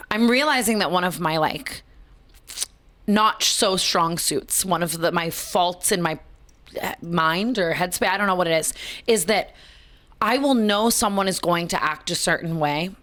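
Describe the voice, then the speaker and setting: A woman's voice: lowish voice, unhurried, fairly bright tone. A young woman co-hosting a podcast, talking emphatically and rambling through her feelings in casual chat. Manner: emphatic, ruminating, rambling talk. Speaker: podcast co-host.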